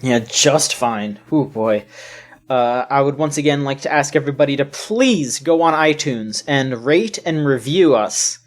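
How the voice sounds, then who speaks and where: A woman's voice: a bass voice, animated, a little slow. A woman co-hosting a casual video game podcast, rambling with lots of fillers and restarts. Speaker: podcast co-host.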